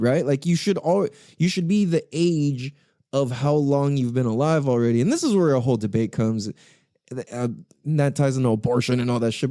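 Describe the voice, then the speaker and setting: This podcast host's voice is a little high with a dark tone, captured in a clean studio with no echo. Alone at the mic, he rambles casually, swears freely and laughs a lot.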